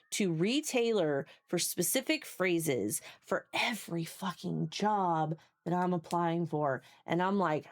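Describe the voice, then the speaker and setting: A woman streaming live who chats casually with her viewers, rambling, swearing freely and laughing often. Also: on the high side. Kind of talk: casual chat. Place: home basement.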